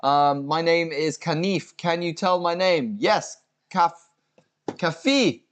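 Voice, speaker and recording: A man's voice: a little high, fairly even intonation, unhurried, a little hiss or hum. A young American man co-hosting a casual livestream, reading viewer messages aloud and answering them with swearing and sudden exasperated squeals. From United States. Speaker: livestream co-host reading chat. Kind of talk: casual watch-along chat.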